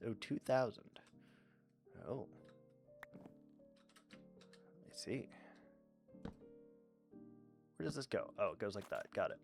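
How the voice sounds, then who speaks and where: A man's voice: lowish voice, lively intonation, slow pace, vocal fry, long pauses. A man chatting casually while streaming a game, rambling, swearing freely and talking to his chat. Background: faint background music.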